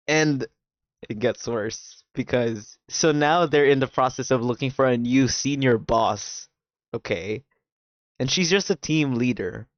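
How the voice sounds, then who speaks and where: A man chatting on a stream and retelling a show's plot in a lively, excitable way, cursing freely and leaning on "like". His voice sits at an ordinary middle pitch. The sound is dry and a little dull, as from a modest home mic. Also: dry recording. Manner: animated, swears a lot, fills with "like". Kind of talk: casual chat, recapping a drama plot.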